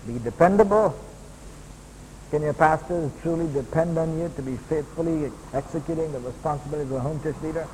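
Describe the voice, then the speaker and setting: A man preaching a sermon as a pastor, building to loud emphatic peaks and then dropping to quieter, lower asides. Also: brisk, a little hiss or hum. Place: church hall. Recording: long hall reverb, faint ambience.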